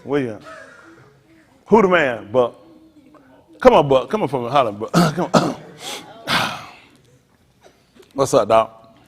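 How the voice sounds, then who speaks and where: A middle-aged man pastor, teasing and preaching to his congregation in a joking, animated way. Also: medium pitch, takes it slowly, pauses often, breathy edge. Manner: animated, teasing, talks straight to the crowd. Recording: long hall reverb.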